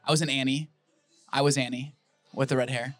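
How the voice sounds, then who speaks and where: A young man talking as a podcast guest, excitable and joking, rambling through his story in casual chat. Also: mid-range voice, brisk.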